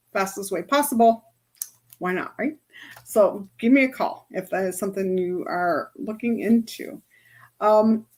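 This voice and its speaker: A woman energy healer chatting casually to her followers, telling stories and laughing often. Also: fairly high pitch.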